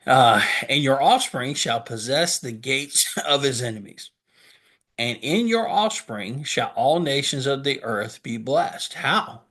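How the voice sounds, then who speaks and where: Earnest pastor explaining scripture. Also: male voice, mid-range voice, lively intonation, slow pace, a bit bright. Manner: earnest, reads scripture aloud and stops to explain it; asks questions and answers them himself. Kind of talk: sermon.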